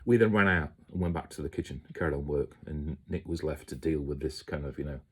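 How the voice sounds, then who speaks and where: A man's voice: very deep voice, steady tone, a little fast, husky. A man rambling through his memories of kitchen work as a chef, chatty and casual, often slipping into quoted voices. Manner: chatty storyteller, mimics people in quotes.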